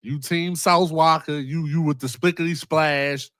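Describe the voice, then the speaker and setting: A man hosting a casual commentary vlog, excitable and profane, often repeating himself. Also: fairly high pitch, a little slow, no room sound, clean studio sound. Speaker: host.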